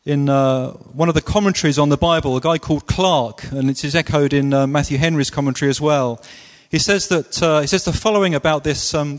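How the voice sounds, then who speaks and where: A man preaching a sermon with slow, deliberate, emphatic phrasing. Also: fairly high pitch. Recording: long reverb of a large hall.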